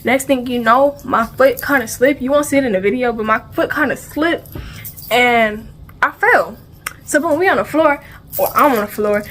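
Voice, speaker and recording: A woman vlogger with a fairly high pitch speaks at normal speed against slight background noise. Her storytime is told in relaxed slang, full of repeated phrases, and she animatedly voices both the sound effects and the dialogue.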